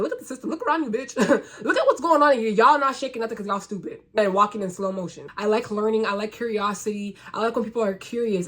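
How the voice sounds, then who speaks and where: A woman's voice: medium pitch, breathy edge. A young woman from the United States delivering a blunt, profane, sarcastic rant straight to camera as a vlogger. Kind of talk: casual ranting monologue to camera.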